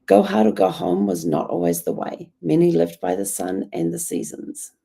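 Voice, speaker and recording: A woman with a hoarse, croaky voice who coughs now and then, hosting a casual daily journaling vlog in a rambling, chatty way. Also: fairly low pitch, fairly even intonation, moderate pace, dark tone. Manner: rambling, chatty, many ums. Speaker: host.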